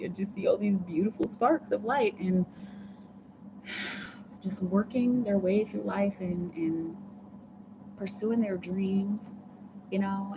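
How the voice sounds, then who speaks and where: A woman hosting a casual livestream, chatting with viewers, laughing often and rambling with restarts. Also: mid-range voice. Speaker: tarot reader livestream host. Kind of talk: casual livestream chat reading comments. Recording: muffled lo-fi audio with clear background noise.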